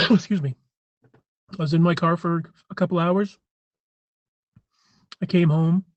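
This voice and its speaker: A man chatting casually to viewers on a live stream, rambling and often clearing his throat. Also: on the high side, fairly even intonation, a little slow, no room sound, dull audio. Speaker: livestream host.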